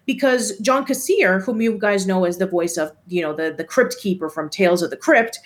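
A woman's voice: medium pitch, normal speed. A woman co-hosting a podcast in casual chat, talking in a chatty way with many fillers and restarts. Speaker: podcast co-host.

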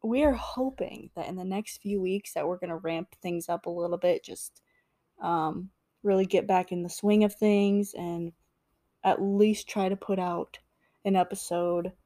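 A young woman co-hosting a casual podcast, laid-back and apologetic, often trailing off softly. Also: fairly low pitch, fairly even intonation, unhurried, no echo. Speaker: podcast co-host. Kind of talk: casual chat.

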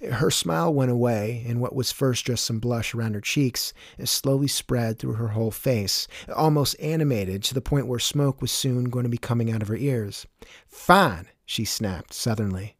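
A young man telling a personal story in a wry, deadpan way. His voice sits in an ordinary middle pitch. The recording is dry and close, with no room sound. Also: no room sound. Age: young adult.

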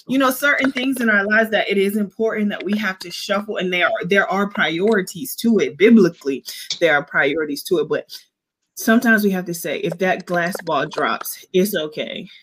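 A woman in her thirties hosting a casual faith podcast, speaking in an earnest, animated, preachy way while eight months pregnant. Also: medium pitch, a little hiss or hum. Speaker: podcast host. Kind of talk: casual Christian podcast chat.

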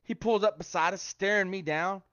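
A man with a higher-than-usual voice talks through a casual devotional, chatty and joking while he quotes scripture. The sound is dry and dull, like a lo-fi mic with no room echo. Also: steady tone, normal speed, fairly bright tone. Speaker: online devotional speaker. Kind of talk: casual devotional livestream talk.

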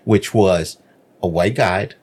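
A man's voice: sits low, slow pace, darkish tone, slightly rough. A man co-hosting a podcast, chatting casually and telling a loose story full of fillers and quoted asides. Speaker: podcast co-host. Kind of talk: casual chat.

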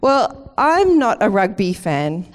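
A middle-aged woman, a campus pastor giving a lively, playful welcome and sermon in church. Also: mid-range voice, takes it slowly. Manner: chatty and playful, laughing at herself. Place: church auditorium.

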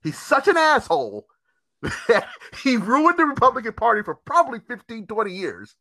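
A man hosting a casual chat, ranting in an animated, profane, emphatic way. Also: extremely high pitch, normal speed, no echo.

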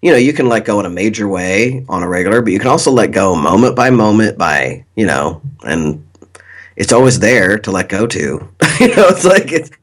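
A man talking casually in a somewhat low voice. He muses reflectively on spiritual ideas, often breaking into easy laughs. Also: very animated, moderate pace. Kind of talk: casual chat.

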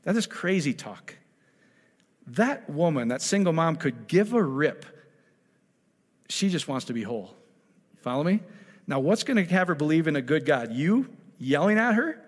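A man preaching a sermon, emphatic and full of rhetorical questions, moving between loud exhortation and quiet, intimate asides. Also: fairly high pitch, sing-song, normal speed, pauses often. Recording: long hall reverb.

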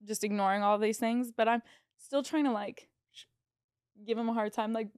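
A woman casino dealer and podcast co-host telling a story in casual chat, animated, full of "like" and the odd swear word. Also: a little high, normal speed, clear, resonant tone, no echo, clean studio sound. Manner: animated, heavy use of "like", swearing.

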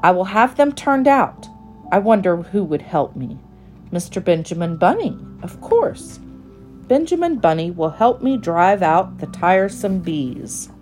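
A woman's voice: on the low side, big pitch swings, unhurried, dark tone, soft background music. A woman voicing a fussy, very particular little female mouse, prim and proper in manner. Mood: cross.

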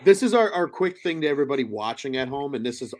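A man hosting a live sports podcast, chatting with energy and telling stories in an animated way. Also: medium pitch, fast. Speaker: podcast host.

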